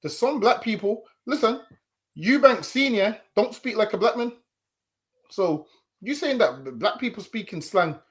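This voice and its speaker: A man's voice: high-pitched, expressive, measured pace. A man co-hosting a reaction commentary, arguing his point with restarts and stammers. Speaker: co-host.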